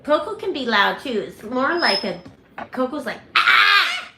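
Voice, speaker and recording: A woman with a lively, slightly high voice chats slowly with viewers about her parrots. She is recorded in an echoey room at home. Loud noise and squawking parrots fill the background. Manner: chatty, laughing, imitates bird screams. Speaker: parrot channel host. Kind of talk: casual livestream chat with viewers.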